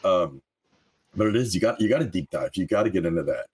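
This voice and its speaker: A man talking as a life coach guest in a casual interview, earnest and animated, laughing often. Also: low voice, quick pace, a little hiss or hum, rough recording.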